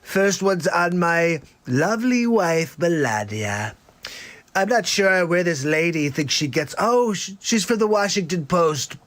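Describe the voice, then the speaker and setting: A man's voice: sits high, expressive, measured pace, a bit bright. A boastful older politician, forever repeating himself and calling everything the greatest, played by a man doing a comic impression. The voice sits a little above the usual male range. The delivery is pure swaggering bluster. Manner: bragging, repetitive, superlative-heavy. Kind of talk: comedic celebrity impression on a livestream.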